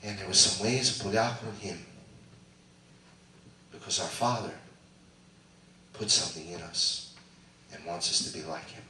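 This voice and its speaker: A middle-aged male pastor preaching a sermon, swinging between loud animated bursts and hushed asides. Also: deep voice, unhurried, pauses often, a little hiss or hum. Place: church sanctuary. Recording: echoey church sound from a distant mic.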